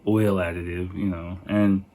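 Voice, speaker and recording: A man's voice: low-pitched, level tone, measured pace, dark tone. A man hosting a podcast, telling a rambling story in a casual, profane, laid-back way. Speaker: podcast host.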